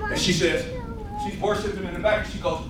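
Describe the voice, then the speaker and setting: High-voiced animated preacher in echoey church. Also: male voice, fairly quick. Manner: animated storyteller, acts out scenes, laughs often. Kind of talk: sermon with personal testimony. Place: church sanctuary. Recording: echoey church, mic from a distance, faint room noise.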